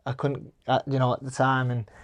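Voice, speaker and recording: A man's voice: mid-range voice, monotone, fairly quick, lo-fi sound. A young man, a guest telling stories in casual podcast chat, rambling with fillers and restarts. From England. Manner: rambling, with many fillers and restarts, acting out quoted voices, laughing often. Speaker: guest, professional boxer.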